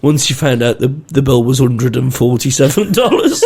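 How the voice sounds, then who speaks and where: A man's voice: mid-range voice, moderate pace. A British man on a podcast, telling stories in casual chat, swearing freely and laughing a lot as he acts out the people in them. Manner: animated storyteller, swears a lot, laughs often, acts out quoted voices. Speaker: podcast co-host.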